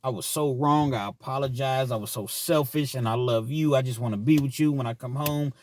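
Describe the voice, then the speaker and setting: A man's voice: mid-range voice, fairly quick, a little mellow, slight background noise, natural voice. A man voicing a needy, manipulative jailed boyfriend who pleads and sweet-talks over the phone. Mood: pleading. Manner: pleading, whiny, sweet-talking.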